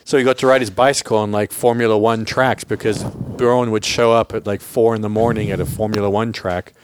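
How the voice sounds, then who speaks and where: A man's voice: on the low side, fairly even intonation, fairly quick, slight background noise. A man co-hosting a podcast, chiming in with amused recollections. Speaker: podcast co-host. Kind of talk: casual chat.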